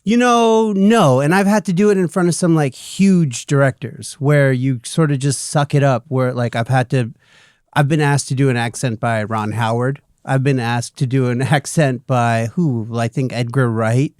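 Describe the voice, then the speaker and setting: A man's voice: mid-range voice, moderate pace, darkish tone, no echo, clean studio sound. A man, an actor guest, telling audition anecdotes in a wry, laughing way. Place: studio couches.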